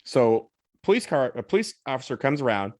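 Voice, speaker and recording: Man, podcast co-host, casual storytelling, animated, curses, mid pitch, dry close sound. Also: a little fast, dry recording. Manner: animated, swears, acts out others' lines.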